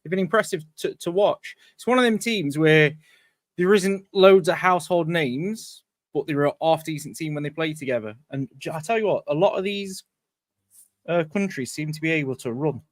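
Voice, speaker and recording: A man co-hosting a casual football chat, giving his opinions in a relaxed, conversational way. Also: a little high, moderate pace, no echo, clean studio sound.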